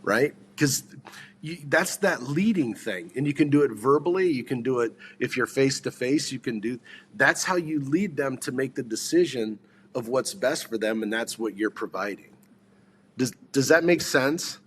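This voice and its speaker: A man's voice: mid-range voice, expressive, normal speed, slight background noise. A man giving sales advice in a casual podcast chat, rambling, restarting sentences and firing questions at his listeners.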